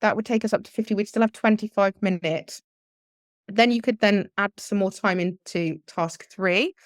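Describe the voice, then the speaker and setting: A woman's voice: mid-range voice, no room sound, studio quality. A woman, a language teacher, explaining exam tips in a live webinar, talking things through with restarts and examples.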